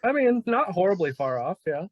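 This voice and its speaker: A man running a tabletop role-playing session in a casual, laid-back way, often pausing on fillers. His voice is mid-pitched and sounds dry, close and direct. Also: sing-song, no echo, muffled recording. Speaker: game master. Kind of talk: narrating a tabletop game.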